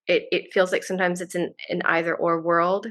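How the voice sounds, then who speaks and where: A woman's voice: on the low side, little pitch movement, a little fast, fairly bright tone. A woman guest on a podcast, talking in a casual, effusive way with many restarts. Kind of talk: casual interview chat.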